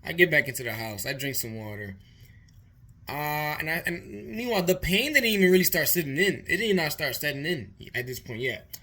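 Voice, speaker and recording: A young man tells a story straight to camera in loose, profane speech that keeps circling back and restarting. His voice sits a little high and comes out bright and forceful. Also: very animated, fairly quick. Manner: rambling, profane, repeats himself. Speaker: vlogger. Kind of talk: casual storytime monologue.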